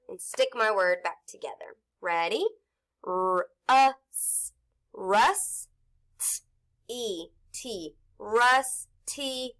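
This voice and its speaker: A woman's voice: on the high side, sharp tone. A woman teaching an early-grade phonics lesson, patiently sounding out letters and syllables for young children.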